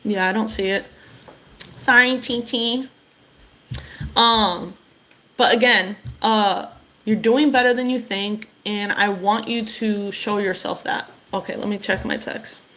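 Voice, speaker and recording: A woman's voice: mid-range voice, steady tone, slow. A young woman hosting a weekly live stream, talking encouragingly and directly to her viewers. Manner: warm, affirming, addresses viewers directly.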